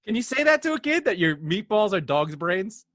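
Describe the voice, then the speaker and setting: A man from France co-hosting a podcast, his somewhat high voice swinging through a wide, lively range. He talks casually, teasing and sarcastic, always setting up the next joke. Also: moderate pace. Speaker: podcast co-host. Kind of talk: casual chat.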